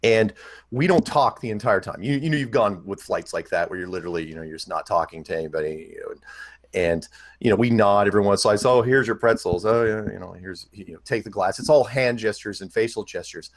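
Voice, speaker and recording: A man's voice: lowish voice, fast. A man telling a rambling, jokey anecdote, acting out the other people's lines. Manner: rambling, jokey, acts out quotes. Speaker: podcast host telling a story. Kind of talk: anecdotal storytelling.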